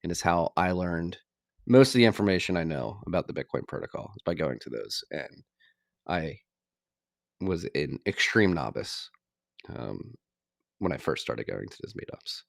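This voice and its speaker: A man with a very low, gravelly voice trades laid-back jokes on a podcast. He reads promo codes and teases his co-host. The sound is close and dry. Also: lively intonation, normal speed, no echo. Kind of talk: casual podcast banter.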